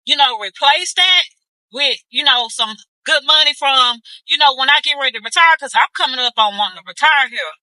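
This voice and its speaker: Bright chatty woman in her fifties. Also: high-pitched, fairly quick, no echo, low-quality recording. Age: 50s. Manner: chatty, animated, calls viewers baby. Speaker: vlogger. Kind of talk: casual chat. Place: car.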